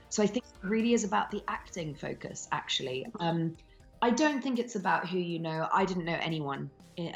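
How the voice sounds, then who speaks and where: A woman's voice: low-pitched, gravelly. A woman in her thirties, an actress talking candidly in an interview, frank and swearing freely between ums. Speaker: actress and voice actor guest.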